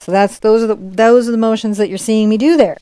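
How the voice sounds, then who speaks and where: A woman's voice: fairly high pitch, steady tone, fast, mellow, smooth, no echo, studio quality. A middle-aged woman teaching acrylic painting live, chatting and explaining each brush move as she paints. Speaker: painting instructor.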